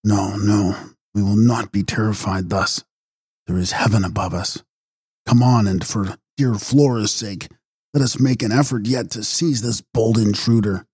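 Narrator guy doing a scared young brother, urgent, mellow husky voice, dry sound. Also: on the low side, fairly even intonation, measured pace, no echo.

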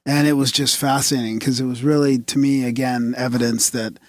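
A man hosting a podcast interview, talking in a relaxed, casual way with mild swearing. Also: medium pitch, a little fast, no room sound. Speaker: podcast host. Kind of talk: casual chat.

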